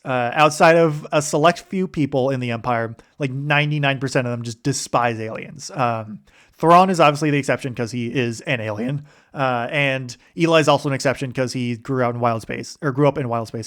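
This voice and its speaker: Guy rambling about books on his podcast, loose and chatty, mid pitch. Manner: rambling, lots of fillers and restarts. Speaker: podcast host. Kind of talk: casual chat about books.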